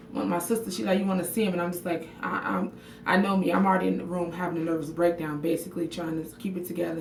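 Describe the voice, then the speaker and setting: A woman talks straight to her livestream viewers, frank and emotional, swearing freely and calling out commenters by name. Her voice sits low with a gravelly fry. She stands in a bathroom some way from the mic, so the sound is echoey with faint room noise. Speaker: livestream vlogger. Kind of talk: casual livestream chat to viewers. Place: bathroom at home. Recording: echoey room audio picked up from a distance.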